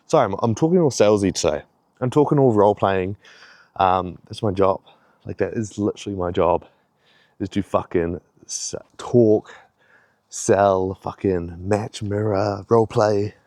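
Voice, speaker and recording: A young fitness vlogger, a little breathless, rambles through a pep talk thick with swearing in a casual vlog. His lowish, slightly mellow voice has lively intonation and a moderate pace, recorded at studio quality with no room sound.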